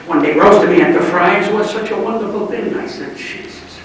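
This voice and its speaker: A man, telling blunt stand-up stories in gruff street talk at a book signing. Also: high-pitched, a little fast, a little hiss or hum. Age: 80s. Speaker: comedian. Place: large club function room. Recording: distant mic in an echoey room.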